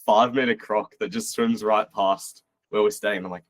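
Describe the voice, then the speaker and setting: A man's voice: fairly low pitch, normal speed, no echo. A young man from Australia, a podcast guest, telling travel stories casually and animatedly, acting out quotes. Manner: animated, acts out quotes, swears. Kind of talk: casual storytelling.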